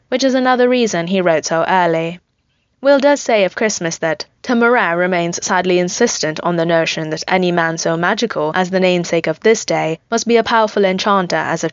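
A woman narrating a story in an even, measured reading voice. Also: lowish voice, no echo, dull audio. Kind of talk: scripted narration of fan fiction.

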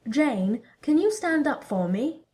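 A woman's voice: high voice, very animated, slow, voice pushed up, full character voice. A woman voicing a doting, cheerful hero who fusses over a partner in a storybook reading. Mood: fond. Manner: warm, smiling, fussing. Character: doting, cheerful Asgardian hero, gender-bent.

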